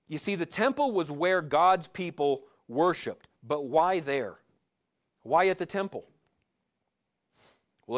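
Higher-voiced male pastor preaching conversationally. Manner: conversational preaching with rhetorical questions and slowed emphatic lines. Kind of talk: sermon.

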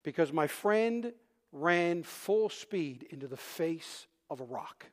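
High-voiced animated preacher man. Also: slow pace. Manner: animated storytelling, swings from loud shouts to hushed tones. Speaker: pastor. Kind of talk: sermon with a personal story.

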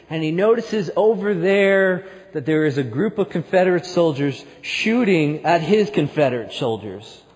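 A man preaching a sermon, telling a story that builds to loud, emphatic peaks. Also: medium pitch, big-room sound. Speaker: pastor.

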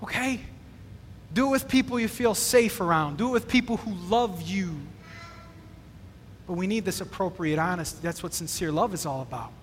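A man from Wisconsin preaching a sermon as pastor, in an animated, conversational way. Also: high-pitched, moderate pace, slight background noise. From Wisconsin, USA. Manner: animated, conversational, acts out quotes. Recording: long reverb from a large hall.

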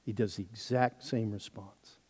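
A man's voice: on the low side, fairly even intonation, a little slow, a little mellow, husky. A man preaching a sermon, walking through a Bible passage with self-deprecating asides. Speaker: pastor. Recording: long hall reverb.

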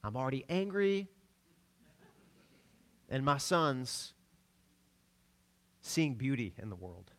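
A middle-aged man from the American South preaching a sermon, telling stories with laughs and sudden swings between loud and soft. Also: mid-range voice, very animated, slow pace, pauses often. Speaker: pastor.

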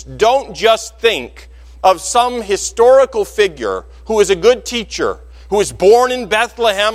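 High-voiced pastor preaching in a reverberant hall. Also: male voice. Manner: animated storytelling, acts out quoted voices. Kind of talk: sermon. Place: church sanctuary.

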